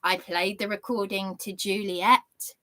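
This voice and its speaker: A woman's voice: medium pitch, steady tone, unhurried, fairly bright tone. A woman vlogger telling an aggrieved story to her viewers in an indignant, rambling way. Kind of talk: aggrieved monologue to camera.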